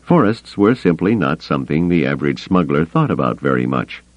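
A man reading an audiobook in a measured, expressive storytelling manner. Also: extremely low pitch, no echo. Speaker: audiobook narrator. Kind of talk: scripted audiobook narration. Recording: dry, slightly muffled studio recording.

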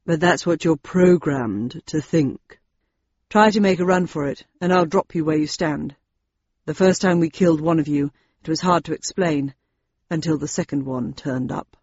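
A wary, sarcastic middle-aged husband, read by a woman narrator, cool and measured with a quiet threat under his words. The voice is slightly husky and comes through dry and a little dull, with no room around it. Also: sits low, no echo, voice pushed down. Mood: coldly threatening.

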